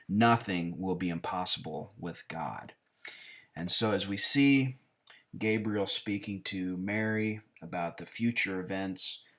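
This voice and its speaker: Very low-voiced man teaching, halting. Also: a bit bright. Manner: halting, many fillers and restarts. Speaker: Greek teacher. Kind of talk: casual teaching with a whiteboard.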